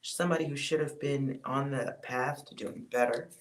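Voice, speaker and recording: A tarot reader giving a loose, casual reading to viewers, blunt and sometimes swearing, trailing off into quiet asides with sighs. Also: mid-range voice, fairly even intonation, moderate pace, a little hiss or hum.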